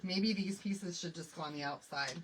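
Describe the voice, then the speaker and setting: A craft vlogger with a Michigan accent chats casually while she crafts, thinking aloud and laughing often. Her voice is on the low side at normal speed, picked up by a distant mic with faint background noise.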